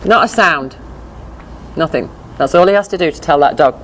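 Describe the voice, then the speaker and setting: A woman teaching a dog behavior class in a chatty, animated way, often acting out voices. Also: deep voice, normal speed, slight background noise. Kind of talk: informal lecture with slides.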